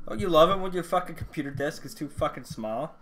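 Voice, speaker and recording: A man giving raging gameplay commentary, swearing constantly and swinging from shouting to low muttering. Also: animated, fast talker, over music. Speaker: gaming YouTuber.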